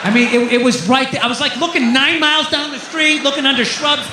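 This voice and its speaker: A man performing a stand-up comedy routine, ranting and swearing, jumping from muttering asides to shouted outbursts. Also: very high-pitched, fairly even intonation, fairly quick, very noisy. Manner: loud, ranting, profane, swings between shouting and muttering. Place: comedy club stage. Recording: echoey live club room.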